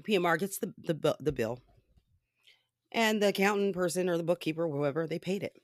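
A woman telling a story in casual commentary style, animated and often laughing, with profane asides. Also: fairly low pitch, brisk, no echo, clean studio sound.

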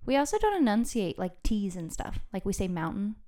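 A woman's voice: mid-range voice, big pitch swings, a little fast, dark tone. A young woman from Las Vegas with an ordinary mid-range voice, co-hosting a casual podcast. She muses aloud and fires off curious questions, leaning heavily on "like". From Las Vegas, Nevada, USA. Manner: quizzical, musing, heavy on "like". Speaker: podcast co-host. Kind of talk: casual chat.

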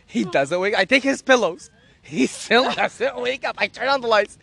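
A man telling a story in casual chat, animated, laughing often and acting out what people said. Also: extremely high pitch, normal speed, vocal fry.

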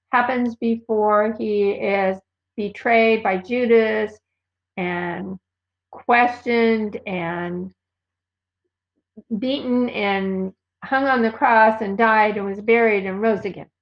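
A woman giving informal Bible teaching, earnestly reading verses aloud and citing their references. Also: mid-range voice. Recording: dull lo-fi recording.

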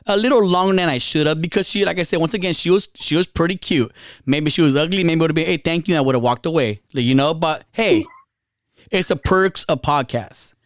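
A man hosting a casual podcast, telling a bar story in an animated way. His pitch leaps up whenever he acts out what other people said. The sound is close and dry, with no room echo. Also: a little fast. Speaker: podcast host.

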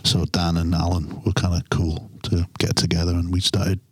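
Deep-voiced English musician, rambling. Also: male voice, completely flat delivery, normal speed, husky, no room sound. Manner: rambling, self-interrupting, chuckling storyteller. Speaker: musician guest. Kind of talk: casual interview chat.

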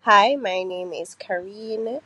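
A Jamaican woman giving relaxed, sincere answers to podcast questions. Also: medium pitch, takes it slowly, slightly rough, no echo, highs cut off.

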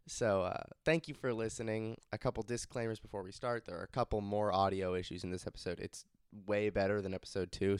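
A man's voice: medium pitch, clean tone, no echo. Young guy hosting an improv podcast, jokey and self-mocking, dry close sound. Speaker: podcast host. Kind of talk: improv comedy podcast chat.

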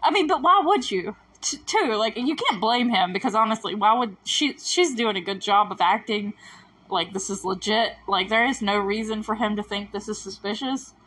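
A woman's voice: mid-range voice, animated, moderate pace, fairly bright tone, slightly rough, rough recording. A woman hosting a casual podcast, recapping a show episode in a chatty, exasperated way, laughing often and going off on tangents. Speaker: podcast host.

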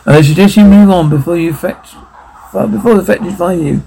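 Gravelly high-pitched man acting a drama. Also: a little fast, mellow, poor audio. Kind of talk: one-man audio drama voicing all roles.

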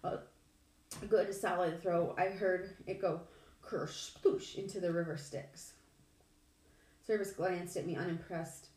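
A woman reading a novel aloud in a measured, steady storytelling manner. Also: fairly low pitch. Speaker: audiobook reader. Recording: echoey room, distant mic.

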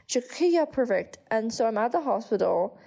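A woman's voice: a little high, lively intonation, brisk, creaky, dark tone. Chatty young woman telling a story. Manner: chatty, swears often, many "like" fillers. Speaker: vlogger. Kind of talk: casual storytime vlog.

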